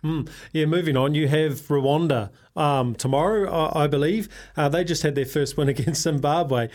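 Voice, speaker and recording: A man's voice: on the high side, moderate pace, a little mellow. A man co-hosting a sports radio show, matey and joking, reeling off match stats.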